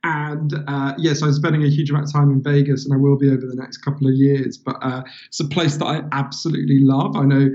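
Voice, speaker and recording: A British author as an interview guest, telling stories in a lively, animated way and laughing between lines. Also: male voice, medium pitch, fast talker, few pauses, muffled recording. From Britain. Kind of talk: casual interview chat.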